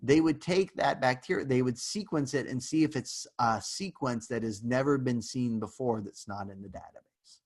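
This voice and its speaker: A man's voice: mid-range voice, normal speed, hardly any pauses. A male university lecturer giving an online class in a casual, joking way, rambling with fillers and asides.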